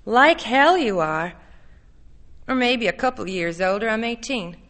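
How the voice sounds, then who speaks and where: A guarded teenage girl who keeps her answers clipped and defiant, read by a woman storyteller. The voice is bright and close to the narrator's own. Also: a little high, expressive, a little slow.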